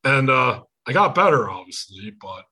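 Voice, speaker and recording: Husky-voiced man with a Michigan accent. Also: mid-range voice, very animated, moderate pace, sharp tone. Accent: Michigan, Inland Northern. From Michigan, United States. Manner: storytelling with quoted voices, swearing freely. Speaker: podcast host. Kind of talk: casual chat. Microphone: video call.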